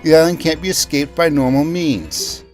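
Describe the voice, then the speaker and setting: A man's voice: a little high, normal speed, darkish tone, soft background music, close to an everyday voice. A man voicing a young defense lawyer who sounds bemused and hesitant.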